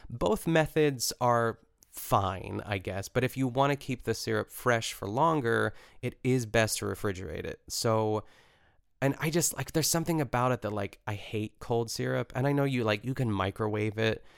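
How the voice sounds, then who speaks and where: A man's voice: medium pitch, normal speed, vocal fry, clean tone, no echo, clean studio sound. A young man hosting a podcast, chatting casually in a rambling, filler-heavy way with amused asides. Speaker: podcast host. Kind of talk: casual chat recapping a cooking show.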